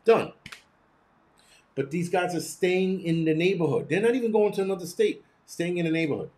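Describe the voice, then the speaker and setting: A man's voice: high-pitched, moderate pace, darkish tone. Blunt, profane New man ranting. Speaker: host. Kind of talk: casual livestream commentary.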